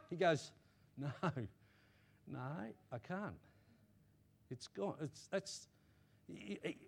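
High-voiced New pastor preaching. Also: male voice. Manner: swings from loud emphatic declarations to low quiet asides; repeats and restarts phrases, checks in with listeners. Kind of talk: sermon. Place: church.

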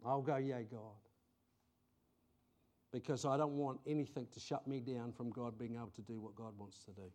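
A middle-aged man, preaching a conversational sermon and telling stories with sudden bursts of excitement. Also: mid-range voice, fast talker. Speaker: pastor.

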